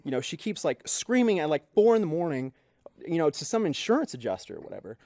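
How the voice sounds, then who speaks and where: A man's voice: a little high, big pitch swings, quick pace, warm tone, no echo, clean studio sound. A man co-hosting a podcast, telling a story casually and acting out the people he quotes. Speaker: podcast co-host. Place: podcast studio.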